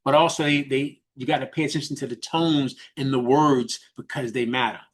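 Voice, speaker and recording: A New York man with a New York accent works as a business mentor and gives a fast, animated coaching talk on a group call. His medium-pitched speech is full of restarts and repeated questions.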